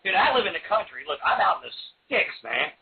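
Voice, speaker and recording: A man's voice: high voice, sing-song, fast talker, creaky. A man from Florida hosting a casual chat, telling crude, joking stories. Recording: tinny phone-like line with faint noise.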